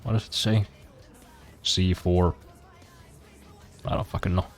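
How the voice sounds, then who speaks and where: A man with a very deep voice talks loosely over a racing game, tossing off dry, self-mocking jokes. Faint game music runs quietly behind him. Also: level tone, slow. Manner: dry self-deprecating humor, swears casually. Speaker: streamer. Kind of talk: casual gameplay commentary.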